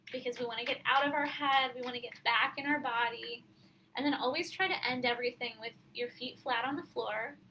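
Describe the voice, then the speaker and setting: A woman coach talking casually on a live stream, chatty and candid and quick to laugh. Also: a little high, pushed and bright, slight background noise, low-quality recording.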